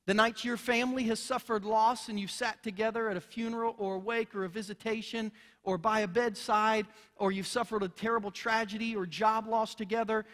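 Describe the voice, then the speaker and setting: A man's voice: very high-pitched, fairly bright tone. A man preaching a sermon as pastor, earnest and emphatic, building in intensity as he drives his points home. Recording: long reverb of a large hall.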